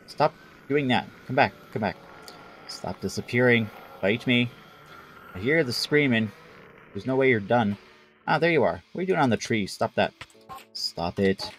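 A man streaming a game live, chatting playfully and bantering with the game's creatures as he plays. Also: fairly low pitch. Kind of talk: live gameplay commentary.

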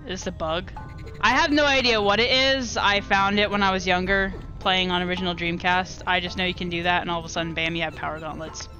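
A woman chatting casually while streaming a game live, rambling and excitable as she talks to viewers. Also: on the low side, brisk, soft background music. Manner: rambling and excitable, restarts and laughs often. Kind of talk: casual live gameplay commentary.

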